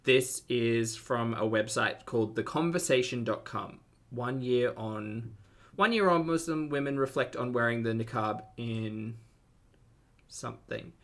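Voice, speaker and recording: A man's voice: mid-range voice, a little slow, fairly bright tone. A man with an Australian accent giving casual reaction commentary, sleepy and rambling with many restarts.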